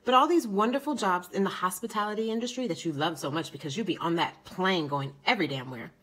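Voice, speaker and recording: A woman's voice: fairly low pitch, fast, husky, low-quality recording. Indignant woman ranting into her camera. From United States. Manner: indignant, sarcastic, animated. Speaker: vlogger. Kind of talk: political rant to camera.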